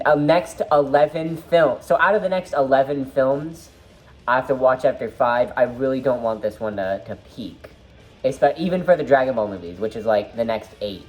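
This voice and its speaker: A woman's voice: a bass voice, a little mellow. A woman giving a casual movie review vlog, rambling and enthusiastic with lots of fillers.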